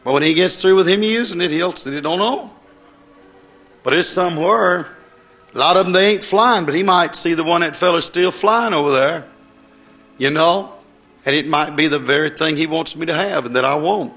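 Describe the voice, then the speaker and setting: Folksy high-voiced preacher. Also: male voice, moderate pace. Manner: folksy and excitable, swinging between loud bursts and soft asides. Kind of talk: sermon.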